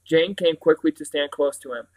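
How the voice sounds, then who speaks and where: A man reading a children's novel aloud in a steady manner, with occasional slips and restarts. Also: fairly high pitch, moderate pace, low-quality recording. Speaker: reader.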